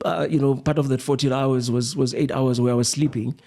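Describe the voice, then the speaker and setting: A man's voice: mid-range voice, steady tone, brisk, warm tone. A man co-hosting a casual podcast chat, earnest and talking in long, rambling stretches. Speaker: podcast co-host.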